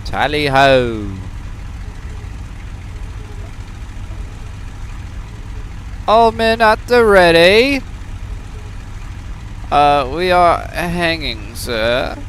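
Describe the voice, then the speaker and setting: A man's voice: sits high, expressive, drawn-out words, pauses often, a bit bright, a little hiss or hum, pitched above the performer's own voice, full character voice. An American man voicing a cheery stereotyped Englishman with an exaggerated put-on British accent. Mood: rousing.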